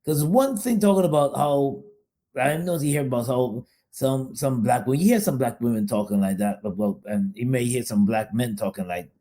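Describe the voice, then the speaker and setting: Male podcast co-host with a warm, mellow voice and emphatic, repetitive delivery. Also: mid-range voice, moderate pace. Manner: emphatic, repeats phrases. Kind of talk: casual chat.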